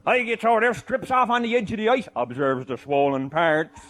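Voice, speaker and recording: High-voiced older man shouting a tall tale. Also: brisk, a little hiss or hum. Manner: boisterous, often shouting and laughing mid-sentence. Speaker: storyteller. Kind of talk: comic tall-tale telling.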